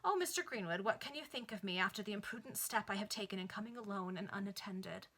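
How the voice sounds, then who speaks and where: A woman's voice: mid-range voice, quick pace, a bit bright. A woman voicing a proud, impatient aristocratic lady in a Victorian novel read aloud, pleading and emphatic.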